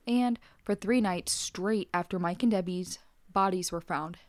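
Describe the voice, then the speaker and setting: A woman co-hosting a true crime podcast, reading narration and bantering in a relaxed way. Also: on the low side, unhurried, no echo, clean studio sound. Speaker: podcast co-host.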